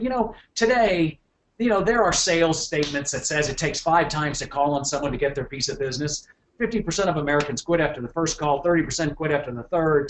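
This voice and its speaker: A middle-aged man with a slightly high voice is the keynote speaker at a motivational business talk. Addressing the audience with animation, he repeats words often and checks in with the room.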